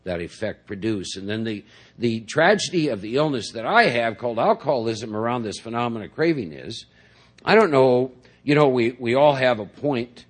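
Husky middle-aged man telling his story. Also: medium pitch, lively intonation, normal speed. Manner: rambling storytelling, frequent "you know" and "see?". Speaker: speaker at a recovery meeting. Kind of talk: personal recovery talk to a group. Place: in front of a large audience.

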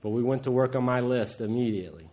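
A man's voice: mid-range voice, quick pace, a little mellow. Guy sharing his story at a meeting, laughs a lot, heartfelt, kinda muffled sound. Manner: folksy, chuckling, heartfelt. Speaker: recovery meeting speaker. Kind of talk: personal testimony talk. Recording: dull lo-fi recording.

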